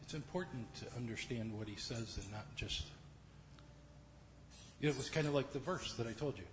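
Soft-spoken man leading a church service. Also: medium pitch, in a large hall, slight background noise. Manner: soft-spoken, gentle, pausing for quiet prayer.

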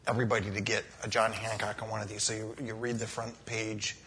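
A man sharing a short testimony and making church announcements, in a halting way that repeats words. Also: on the low side, flat delivery, bright, forceful tone, a little hiss or hum. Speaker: church member giving announcements.

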